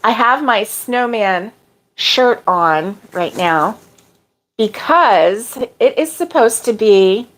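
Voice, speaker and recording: A woman's voice: medium pitch, expressive. Chatty woman hosting a crochet livestream. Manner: chatty, warm-hearted, drawn-out exclamations. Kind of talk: casual chat reading viewer comments.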